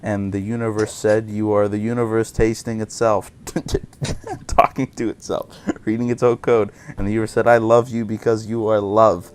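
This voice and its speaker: A man's voice: fairly low pitch, level tone, normal speed, a little hiss or hum. A man hosting a game session, reading the game's text aloud and often stumbling and giggling over the words. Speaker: channel host. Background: game music.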